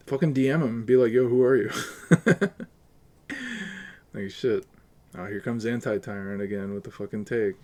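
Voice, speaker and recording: A man's voice: medium pitch, dark tone. A man livestreaming, ranting to his chat in a profane, argumentative and sarcastic way. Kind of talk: casual live-stream rant to chat.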